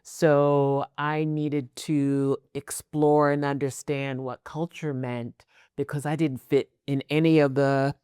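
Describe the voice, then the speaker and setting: An American-accented host, born in the United States, leading a casual podcast interview. The host speaks in a thoughtful, measured way, with occasional fillers. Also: mid-range voice, flat delivery, darkish tone, smooth, dry recording, studio quality.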